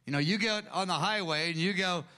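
A man preaching a sermon in a conversational, animated way, often acting out quoted speech. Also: high voice, a little fast.

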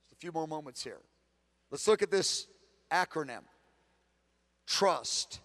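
A man teaching a conference session on prayer, earnest, moving between hushed prayer and emphatic preaching, often repeating himself. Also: on the high side, lively intonation, measured pace. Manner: repeats words, self-corrects.

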